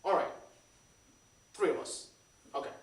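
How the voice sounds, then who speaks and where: At a measured pace, a male pastor in his 30s from Puerto Rico, whose first language is Spanish, delivers a chatty, conversational sermon in a church sanctuary. He's lively, repeats words, and quizzes the congregation. The sound is echoey and roomy, with the mic kind of far away.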